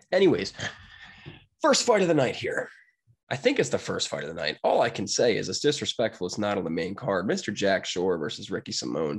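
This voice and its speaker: A young man, brash and jokey, giving casual betting picks as a podcast producer. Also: fairly low pitch. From Pennsylvania, USA. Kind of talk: casual monologue.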